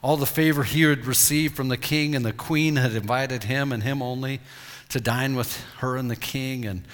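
A male pastor delivering a sermon, retelling scripture with lively storytelling. His voice sits at a middle pitch, and a long reverb hangs behind it from a large hall. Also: moderate pace.

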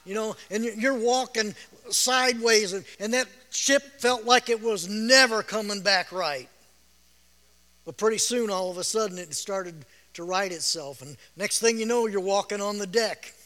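A man preaching a sermon as a storyteller. He repeats words, laughs, and bursts out in loud shouts. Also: high-pitched, moderate pace. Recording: long reverb of a large hall.

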